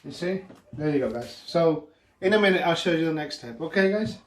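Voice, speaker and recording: A man's voice: fairly high pitch, animated, brisk. A middle-aged man from northwest Spain hosting a casual home cooking demonstration, rambling and chatty, full of fillers and tag questions. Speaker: cooking show host. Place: home kitchen. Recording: echoey kitchen with cooking noise.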